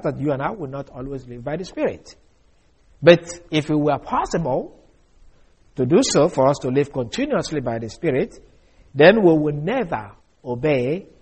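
Male preacher, slightly raised pitch, husky tone, deliberate and emphatic Bible teaching. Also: sing-song, a little mellow. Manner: measured, emphatic, frequent "uh" fillers. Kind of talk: expository sermon.

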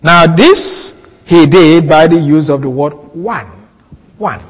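A man teaching a Bible passage in a sermon, slow and deliberate, repeating key words for emphasis. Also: on the high side, fairly even intonation, in a large hall, low-quality recording. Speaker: preacher.

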